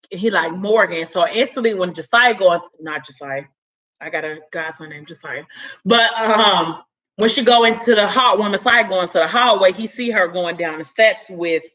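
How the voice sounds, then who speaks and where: A woman casually retelling a novel's plot in an animated, chatty way, full of slang and "like". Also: mid-range voice, poor audio. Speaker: vlogger recapping a novel. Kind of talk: casual storytelling recap.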